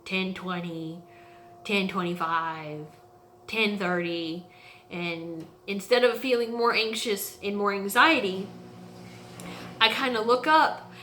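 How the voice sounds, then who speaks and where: A woman vlogger sharing a personal faith testimony from her home basement, earnest and halting, with many pauses and restarts. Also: mid-range voice, pushed and bright, slight background noise. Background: washing machine running.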